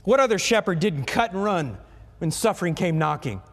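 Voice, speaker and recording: Animated high-voiced preacher in echoing church. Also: male voice, moderate pace. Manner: animated, asks the congregation questions. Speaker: pastor. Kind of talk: sermon. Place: church sanctuary. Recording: long reverb of a church hall.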